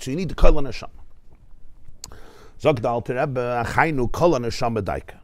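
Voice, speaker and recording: A man, a rabbi, teaching a Torah class to a live audience in a study hall, animated and storytelling with humor, mixing in Hebrew terms. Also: medium pitch. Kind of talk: lively Torah class lecture.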